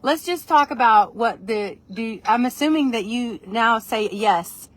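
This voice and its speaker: A woman hosting a casual live video on her phone, talking in an excitable, rambling way. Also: a little high, unhurried, no echo. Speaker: live-stream host. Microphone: phone camera.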